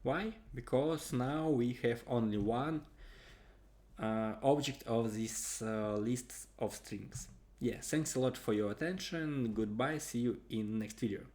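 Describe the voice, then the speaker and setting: Slow, halting man explaining code. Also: medium pitch, a little mellow. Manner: halting, frequent hesitations while typing code. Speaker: coding tutorial host. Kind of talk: screen-recorded coding tutorial. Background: keyboard typing and clicks.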